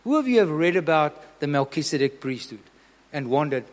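A man's voice: on the high side, very animated, brisk, in a large hall. A man preaching a sermon, earnest and emphatic, asking the congregation questions.

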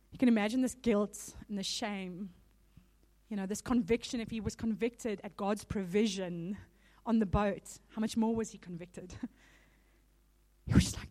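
A woman giving a sermon in a casual, animated storytelling manner. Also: medium pitch, moderate pace. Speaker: speaker. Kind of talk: conversational sermon.

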